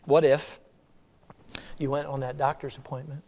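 A man preaching a sermon in a church, firing rhetorical questions and swinging between loud urging and hushed, quiet passages. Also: mid-range voice, level tone, moderate pace. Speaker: pastor. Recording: reverberant hall.

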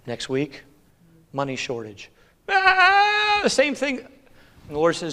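A man preaching as a pastor, swinging from hushed, gentle lines to loud, emphatic ones. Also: extremely high pitch, huge pitch swings, slow. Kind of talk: sermon.

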